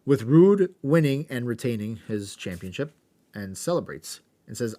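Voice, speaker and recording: A man's voice: medium pitch, sing-song, normal speed, dark tone. Man recapping wrestling, wry and offhand. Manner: wry, rundown narration with swearing. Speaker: podcast co-host. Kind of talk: casual recap of an old wrestling episode.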